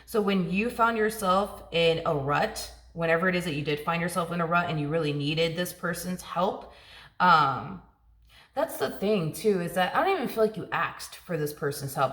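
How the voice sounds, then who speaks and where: A woman's voice: fairly low pitch, animated, normal speed, a bit bright, echoey room. A woman giving a casual tarot reading, chatty and repetitive, with plenty of filler words. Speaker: tarot reader.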